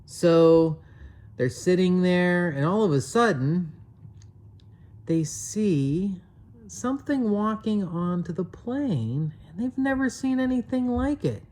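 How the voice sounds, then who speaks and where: A woman narrating a children's story with slow, expressive telling. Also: lowish voice.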